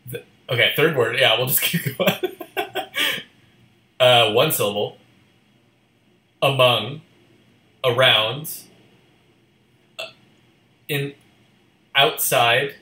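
A man's voice: mid-range voice, slow, pauses often, pushed and bright, reverberant. A man co-hosting a live stream, chatting casually and playfully guessing. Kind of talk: casual chat.

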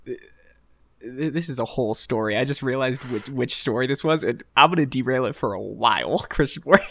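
A young man hosting a podcast, telling a college story in a casual, rambling, animated way with frequent laughter. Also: medium pitch, brisk, vocal fry. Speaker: podcast host.

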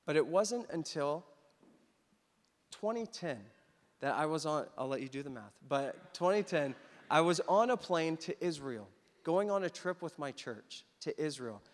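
A man preaching a sermon, telling a story with animated emphasis, then leading communion. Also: fairly high pitch, unhurried. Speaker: pastor. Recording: long hall reverb.

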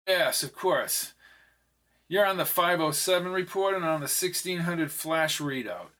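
A man reading the lines of a smooth, charming male executive, slow and self-assured. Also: fairly high pitch, animated, bright, forceful tone, pitched above the performer's own voice. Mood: smug.

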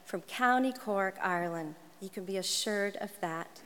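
A woman voicing an elderly, joyful Irish nurse in a warm, cheerful manner while telling her story. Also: mid-range voice, normal speed, lightly acted. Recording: long hall reverb.

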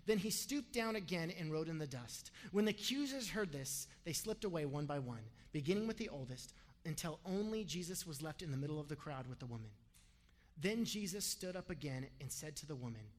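A man preaching a sermon with a lively, animated delivery and humorous asides. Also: sits high, moderate pace. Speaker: pastor. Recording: long hall reverb.

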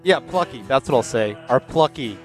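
A man runs a tabletop session as game master, pausing often with fillers as he lays out the scene. A faint guitar plays underneath. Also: medium pitch, expressive. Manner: hesitant, filler-heavy.

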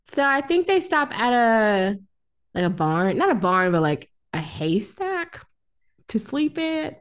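A woman's voice: fairly high pitch, takes it slowly. A woman in casual chat retelling an old film scene by scene, often laughing and acting out the characters' lines. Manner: animated, laughs often, acts out lines with voices. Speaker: podcast co-host.

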